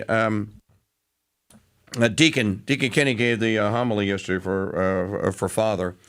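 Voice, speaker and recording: A man's voice: lowish voice, a bit bright, clear, resonant tone. A middle-aged man hosting a talk radio show, telling a story in a rambling, casual way with many fillers and restarts.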